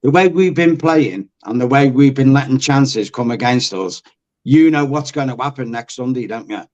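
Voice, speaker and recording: A man's voice: medium pitch, moderate pace, darkish tone, lo-fi sound. A man on a fan forum panel, rambling and joking with restarts in casual chat.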